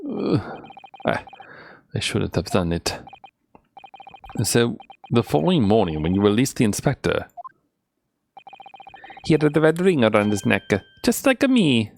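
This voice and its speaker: A man voicing an excitable, shady male witness in a game, with a put-on foreign accent and a sing-song, pleading way of talking. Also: mid-range voice, unhurried, vocal fry, pauses often, a little hiss or hum, pitched above the performer's own voice. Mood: indignant. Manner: theatrical, sing-song, pleading with 'eh?' tags.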